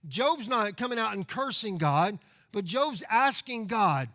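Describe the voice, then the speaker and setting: A man's voice: sits high, big pitch swings, unhurried, pushed and bright. A man preaching a sermon as pastor in a church, talking conversationally, repeating words and asking rhetorical questions. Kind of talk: expository sermon. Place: church sanctuary.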